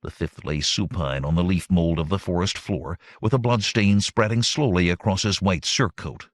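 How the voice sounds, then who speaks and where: A man narrating an audiobook in a measured, expressive manner. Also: deep voice, dry recording, clean studio sound. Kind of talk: scripted narration.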